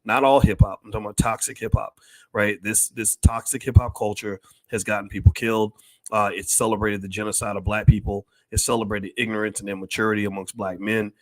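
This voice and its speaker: A man's voice: on the low side, flat delivery, brisk, dry recording. An older man giving emphatic, preachy livestream commentary as a finance educator, often repeating himself.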